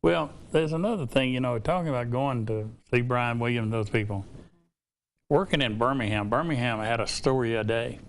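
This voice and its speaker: Gravelly-voiced Southern man chatting. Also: mid-range voice, fairly quick, slight background noise. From Alabama. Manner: rambling, hesitant storyteller. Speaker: host. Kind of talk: casual interview chat.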